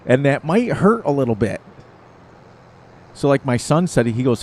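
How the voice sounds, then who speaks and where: A man's voice: medium pitch, lively intonation, measured pace, long pauses, a little mellow, a little hiss or hum. A middle-aged man hosting a gaming channel, chatting casually over gameplay and telling rambling stories with frequent laughter.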